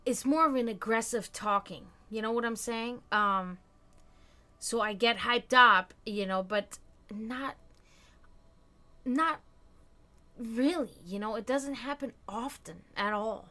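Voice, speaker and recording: Speaking slowly with long pauses, a livestream host chats casually with her audience and replies to their comments, her talk peppered with fillers and restarts. Her voice is a little high, pushed, and bright.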